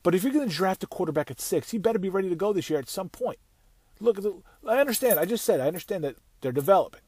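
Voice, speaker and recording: Hosting his own show on the way to work, a man rants angrily about football with heavy swearing and rambling restarts. His voice sits high with a darkish, breathy edge, fast and animated, in a studio-quality solo recording with no room sound.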